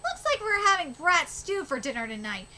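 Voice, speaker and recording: Gruff old hag played by a woman, scolding and harsh, pitched high and bright. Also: huge pitch swings, normal speed, a little hiss or hum, full character voice.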